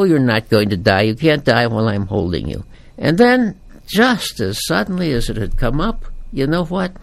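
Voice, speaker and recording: A man, a priest, giving a homily in a folksy, animated storytelling manner. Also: mid-range voice, creaky.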